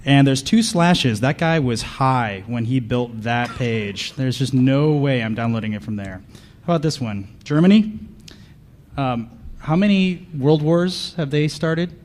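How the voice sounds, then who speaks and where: A man's voice: mid-range voice, expressive, measured pace, a little mellow. Sarcastic man riffing to a crowd. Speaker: conference panelist. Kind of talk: comedic live talk to an audience.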